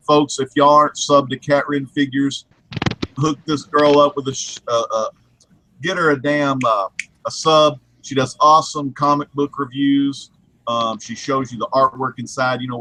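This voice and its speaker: Bright, upbeat male co-host. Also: fairly high pitch, no room sound, poor audio. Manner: upbeat, hyped shout-outs. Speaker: co-host reading the chat. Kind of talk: casual podcast chat.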